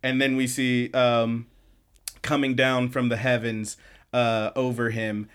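A man's voice: mid-range voice, level tone, takes it slowly, fairly bright tone, smooth. A man co-hosting a podcast, recapping episodes in casual, enthusiastic chat full of "like"s and restarts. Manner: enthusiastic, rambling with many "like"s and restarts. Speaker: podcast co-host.

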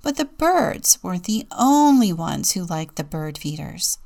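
Expressive woman deacon reading a storybook. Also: fairly low pitch, a little slow, gravelly. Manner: expressive, playful storytelling with whispered asides. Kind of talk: reading a picture book aloud.

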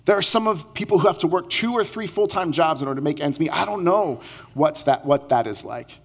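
A man's voice: fairly high pitch, lively intonation, brisk. A male pastor giving a conversational sermon, acting out quoted lines as he speaks. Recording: long hall reverb.

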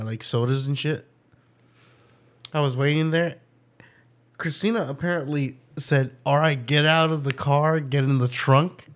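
A man hosting a casual podcast, telling a story with lots of swearing and laughter and acting out the voices of the people in it. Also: mid-range voice. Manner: profane, laughing, acts out quoted voices. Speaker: podcast host.

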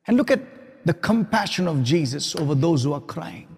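High-voiced pastor preaching in a reverberant hall. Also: male voice, animated, moderate pace, gravelly, breathy edge. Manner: emphatic preaching, dropping to soft whispers for quoted lines. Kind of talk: sermon.

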